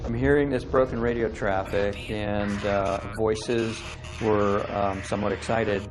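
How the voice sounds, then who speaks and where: A man's voice: fairly low pitch, fairly even intonation, a little slow, music in the background. A man who works as a police detective, recounting a case in a plain, matter-of-fact interview manner. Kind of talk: interview recollection.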